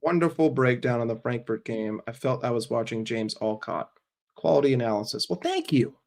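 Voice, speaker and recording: A man with a voice of middle pitch hosts a live stream and answers his chat in a loose, casual way. He talks bluntly, swears a lot and makes quick jokes. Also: darkish tone. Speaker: livestream host.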